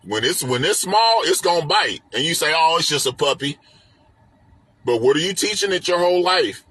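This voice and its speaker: Husky, emphatic man teaching on a stream. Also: fairly high pitch, lively intonation, normal speed, pushed and bright, dry recording. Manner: emphatic, repetitive, preaching with rhetorical questions. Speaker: host and teacher. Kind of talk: explaining a spiritual text on a live stream. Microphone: phone or webcam on a live stream.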